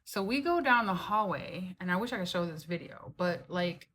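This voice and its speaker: Animated woman telling a wild story. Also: lowish voice, moderate pace, a little hiss or hum. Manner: animated, expressive, with frequent "like" and "right?" and casual swearing. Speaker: vlogger telling a personal story. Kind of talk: casual storytelling to camera. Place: indoors at her home.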